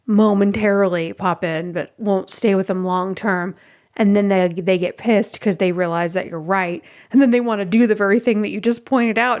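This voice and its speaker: Middle-aged woman ranting casually about dating, lively, does little voices for quotes, medium pitch. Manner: chatty and animated, acts out quotes. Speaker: relationship podcast host. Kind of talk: casual advice monologue.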